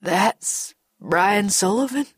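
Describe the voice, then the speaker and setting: A woman's voice: mid-range voice, animated, takes it slowly, slightly rough, no room sound, studio quality, exaggerated voice. Woman reading as a grieving older man. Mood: lost. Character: grief-stricken older man, big, stubborn.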